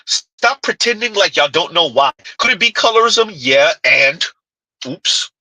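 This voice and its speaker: A man's voice: high-pitched, lively intonation, measured pace, bright, forceful tone, dry recording, low-quality recording. A man hosting a live-stream commentary show, firing off blunt, mocking rhetorical questions with "huh?" asides. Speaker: commentary channel host.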